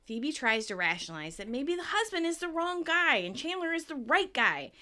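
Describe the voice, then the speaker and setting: A woman's voice: sits high, big pitch swings, normal speed, bright, forceful tone. A young adult woman co-hosting a casual rewatch podcast, recapping scenes with lots of giggling and acted-out lines. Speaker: podcast co-host.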